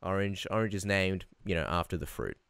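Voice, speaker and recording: A man's voice: sits low, brisk, fairly bright tone, clean tone, no echo, studio quality. An Australian man co-hosting a podcast in casual chat, laid-back and joking. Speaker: podcast co-host.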